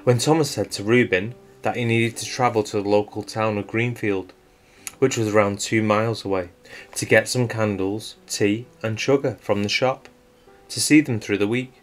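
A man with a fairly low voice reads a true-crime story in a measured, suspenseful way. Soft guitar music plays quietly behind him. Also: steady tone. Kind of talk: scripted true-crime narration. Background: faint guitar music.

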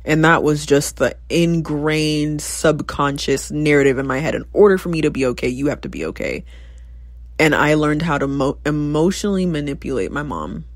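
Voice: mid-range voice, expressive, moderate pace, no room sound, studio quality. A podcast host in their twenties speaking in a candid, reflective personal monologue, breaking into sudden exclamations when recalling past conversations. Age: 20s.

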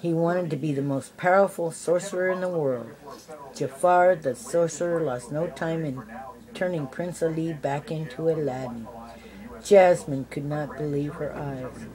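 An older woman reading a children's storybook aloud, adding gentle asides for the listening kids. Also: low-pitched, unhurried, a crowd in the background, poor audio. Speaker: storybook reader.

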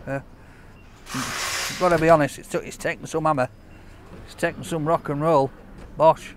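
A man's voice: fairly high pitch, fairly even intonation, moderate pace, slight background noise. A man reviewing a takeaway meal in a chatty, enthusiastic, jokey way, talking outdoors on a street. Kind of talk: casual food review vlog.

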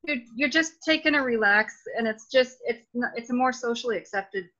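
A woman's voice: fairly high pitch, fairly quick, pushed and bright, highs cut off. A woman in a group class who speaks appreciatively and searches for her words. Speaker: class participant.

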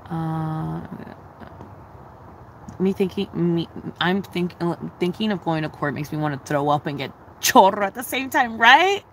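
A young woman livestreaming and answering her chat, swearing freely and laughing a lot. Her voice swoops up and down all the time and has a bright, tense edge. She stays loose and chatty throughout. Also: fairly low pitch, animated, measured pace, slight background noise, low-quality recording. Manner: profane, giggly, blunt and chatty.

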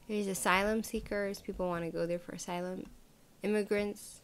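A woman's voice: medium pitch, fairly even intonation, normal speed, clear, resonant tone. A woman vlogger giving casual reaction commentary, indignant and rambling, with many fillers and restarts.

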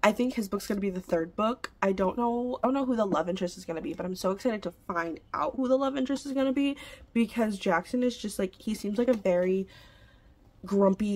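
A young woman chatting casually in a book vlog, gushing and excitable, full of fillers and quick asides. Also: medium pitch. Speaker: book vlogger.

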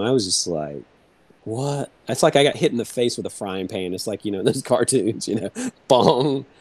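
Man, low voice, mellow tone, dry close sound, rambling casual storyteller, thirties. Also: no echo. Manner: rambling storyteller, heavy use of "like" and "you know". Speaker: guest. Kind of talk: casual interview conversation.

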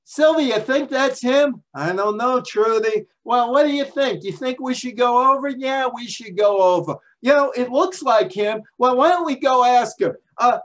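A man's voice: normal speed, hardly any pauses, a bit bright. A man doing two gushing middle-aged New York ladies. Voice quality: high put-on falsetto, breathless gushing.

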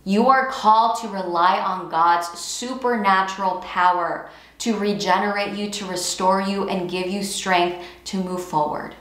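A woman's voice: mid-range voice, steady tone, a little slow, a bit bright, reverberant. A woman giving an earnest devotional talk, stressing and repeating key phrases as she encourages listeners. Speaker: Christian teacher. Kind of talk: devotional teaching with scripture reading.

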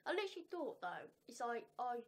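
A young woman with a high, bright-sounding voice chats through a casual reaction vlog. She is animated and pokes fun at herself, breaking into laughter often. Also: normal speed. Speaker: vlogger.

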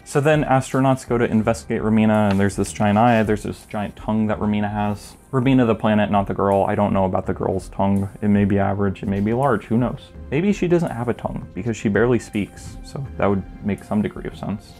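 A man's voice: fairly low pitch, a little fast, hardly any pauses, darkish tone, faint music behind. A man recapping a manga in a casual, joking way, full of rambling asides. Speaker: video essayist reviewing a manga.

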